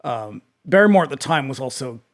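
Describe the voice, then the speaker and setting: A man's voice: mid-range voice, animated, brisk. A man co-hosting a podcast, chatting casually about an old film and adding behind-the-scenes trivia. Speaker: podcast co-host.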